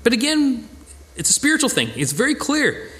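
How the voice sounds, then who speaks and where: A man leading a Bible study, explaining scripture in an earnest, conversational way with lively emphasis and frequent restarts. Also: very high voice, moderate pace.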